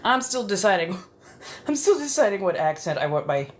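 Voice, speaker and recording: A woman chatting in a soft-spoken ASMR style, rambling casually as she goes. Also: mid-range voice, very animated, moderate pace, a little hiss or hum. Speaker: ASMR creator.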